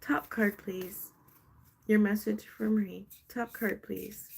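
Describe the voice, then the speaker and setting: A woman's voice: medium pitch, steady tone, slow pace, gravelly, darkish tone, breathy edge. A woman hosting a casual live stream, chatty and gushing as she pulls cards for a viewer. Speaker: live stream host doing card readings.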